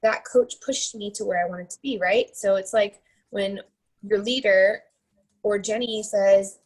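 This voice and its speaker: Woman in her 30s giving a motivational talk, husky tone, conversational and chatty. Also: mid-range voice, steady tone, a little slow, poor audio. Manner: chatty, tags points with "right?" and "like". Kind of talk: motivational storytelling.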